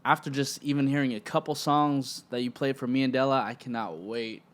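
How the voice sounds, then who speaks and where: A man's voice: medium pitch, a little fast. Laid-back male podcast host. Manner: relaxed, affirming, slangy, supportive. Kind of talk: casual interview talk.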